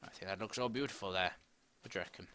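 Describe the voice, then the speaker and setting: A man's voice: sits low, very fast. A middle-aged man giving rambling, chatty commentary while playing a game. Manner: chatty, rambling, bursts into excited squeals. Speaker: gaming commentator. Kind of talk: casual let's-play commentary. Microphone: desk microphone with face cam.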